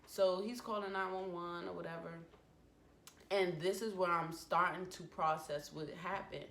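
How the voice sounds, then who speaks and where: A woman's voice: on the low side, steady tone, normal speed, vocal fry, a bit bright. A woman in her twenties telling a personal story at home in a vlog, talking it through with feeling and acting out the quotes. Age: 20s. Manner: emotional retelling with acted-out quotes. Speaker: vlogger. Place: home room. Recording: echoey room with faint background noise. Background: family noise from downstairs.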